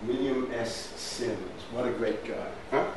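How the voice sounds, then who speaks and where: This time his medium-pitched voice is fairly even in intonation and a little slow, with slight background noise. He still lectures on history over slides emphatically, asking rhetorical questions and often saying "right?" The recording is distant, in a very echoey room with faint ambience.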